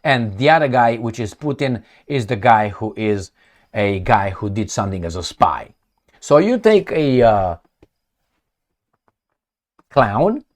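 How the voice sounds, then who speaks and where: A man's voice: mid-range voice, darkish tone. A man giving opinionated political commentary, sarcastic and mocking, full of rhetorical questions and restarts. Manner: speaks in short bursts with frequent restarts and rhetorical questions.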